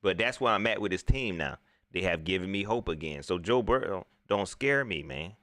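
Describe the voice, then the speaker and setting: Animated man hosting a live sports talk. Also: low voice, moderate pace, no room sound. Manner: animated, talks straight to viewers, reads chat aloud. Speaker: sports talk livestream host. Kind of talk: casual live sports commentary.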